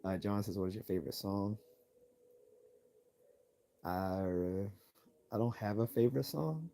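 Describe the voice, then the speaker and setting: Guy with a lowish voice doing a chill live-stream q&a, laughs a lot, voice going a bit hoarse. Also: measured pace. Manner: relaxed, laughs often, repeats words when starting. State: losing his voice. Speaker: live-stream host answering chat.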